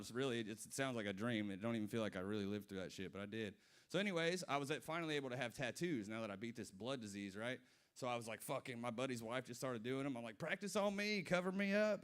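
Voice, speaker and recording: A man's voice: medium pitch, fairly bright tone. A man in his twenties doing a stand-up set at a brewery, telling loose, profane stories with asides to the crowd. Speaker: stand-up comedian. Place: brewery comedy stage.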